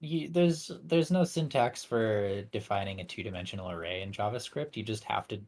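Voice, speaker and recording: A man's voice: lowish voice, normal speed, darkish tone. A young man, a university student, chatting casually with dry humor. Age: young adult. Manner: wry, dry-humored, laughs often. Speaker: university student, guest on stream. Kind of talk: casual chat.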